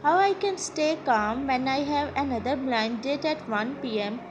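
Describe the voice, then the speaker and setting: A woman reading the lines of a loud, dramatic young best friend who sounds sleepy and flustered, over background music. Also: sits high, normal speed, lightly acted, low-quality recording.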